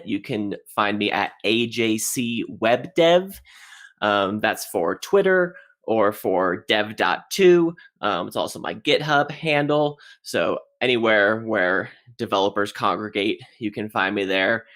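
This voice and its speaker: A man giving a casual technical presentation, chatty and relaxed with frequent "um"s. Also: lowish voice. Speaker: conference speaker.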